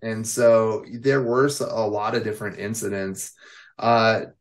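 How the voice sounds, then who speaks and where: A man's voice: on the low side, fairly even intonation, a little slow. A man in his forties from the United States, a veteran wrestler telling rambling stories in an interview, with lots of "you know" and "like". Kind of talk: casual storytelling interview.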